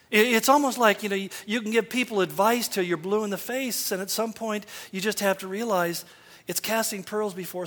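Man, pastor, folksy self-deprecating sermon, bright tone, reverberant hall. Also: sits high. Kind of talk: sermon with personal stories.

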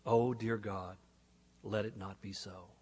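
A man's voice: fairly low pitch, fairly even intonation, slow, a little mellow, husky. A man, a pastor, reading a letter aloud in a sermon in an earnest, dramatic way. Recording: echoey hall.

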